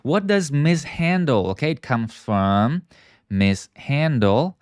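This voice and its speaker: A man teaching English in a live online lesson, explaining words slowly, stretching key terms and often checking in with viewers. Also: medium pitch, lively intonation, a little mellow, clear, resonant tone, no room sound, clean studio sound. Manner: models pronunciation and asks viewers to repeat.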